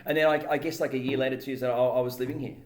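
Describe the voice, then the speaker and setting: A man's voice: medium pitch, fairly even intonation, racing, background noise. A man, co-hosting a casual podcast chat. He talks in a loose, chatty way and keeps tagging his lines with "right?". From Australia. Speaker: podcast co-host. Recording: echoey room.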